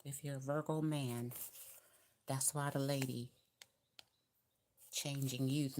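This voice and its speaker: A Southern-accented woman talks through a tarot reading in a loose, chatty way, cheering the listener on and circling back to the same advice. Her voice sits low in pitch. Faint background noise runs under her speech. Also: little pitch movement, slow, pauses often, a little mellow. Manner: chatty, repetitive, encouraging, with colloquial grammar. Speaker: tarot reader. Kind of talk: casual tarot card reading.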